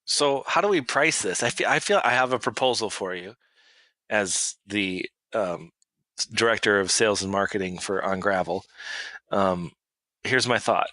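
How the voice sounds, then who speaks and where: Podcast dude, bright sharp voice, deadpan little jokes, dry sound. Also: male voice, fairly low pitch, normal speed, no echo, rough recording. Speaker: podcast co-host. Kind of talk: casual banter among friends.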